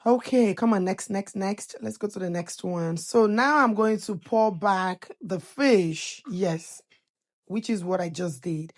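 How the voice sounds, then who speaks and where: A woman's voice: mid-range voice, a little slow. A woman hosting a cooking channel, chatting playfully in a casual voice-over as she explains each step of her cooking. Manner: chatty and playful, teasing viewers with laughs.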